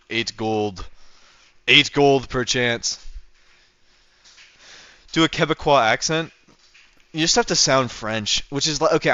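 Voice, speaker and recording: A man's voice: mid-range voice, pushed and bright, clean tone, lo-fi sound. A young man livestreaming a game, chatting casually and teasing his viewers as he answers them. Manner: joking, teasing, reacting to chat. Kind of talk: casual livestream chat while playing.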